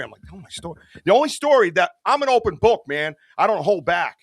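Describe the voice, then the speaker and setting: A middle-aged man talks in a loose, rambling way, earnest and full of bro and dude. His voice sits a little high. The sound is dry and close, with no room around it. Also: animated, quick pace, hardly any pauses, slightly rough, dry recording. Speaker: podcast guest, Bigfoot researcher. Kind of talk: casual podcast chat.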